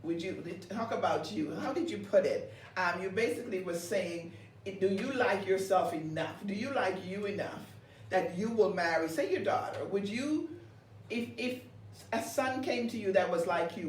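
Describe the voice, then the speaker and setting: A woman's voice: medium pitch, normal speed. Woman pastor in a roomy, distant recording. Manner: lively storytelling, laughs often, repeats words. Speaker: pastor and co-host. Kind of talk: conversational ministry broadcast. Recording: roomy, distant mic with faint background noise.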